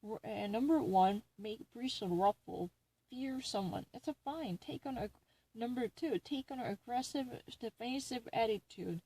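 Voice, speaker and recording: A woman's voice: on the high side, animated, normal speed, dark tone, husky, poor audio. A woman reading dictionary definitions aloud and arguing over them with herself, grumbling and indignant.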